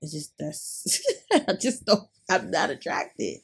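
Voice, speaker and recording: Raspy, laughing woman telling a story. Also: lowish voice, takes it slowly. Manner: laughs often, animated retelling. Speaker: podcast host. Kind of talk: casual storytelling chat.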